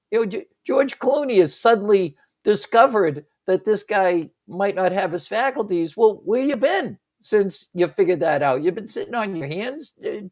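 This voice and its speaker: Lively middle-aged man on talk radio. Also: high-pitched, moderate pace, few pauses. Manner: animated, bursts into shouted movie quotes. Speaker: radio sports talk co-host. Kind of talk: casual talk radio banter.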